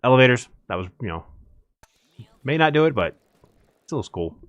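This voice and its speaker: A man's voice: mid-range voice, big pitch swings, fairly quick, no room sound, highs cut off. A young man casually chatting to his live-stream viewers while he plays, rambling and counting under his breath. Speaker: game streamer.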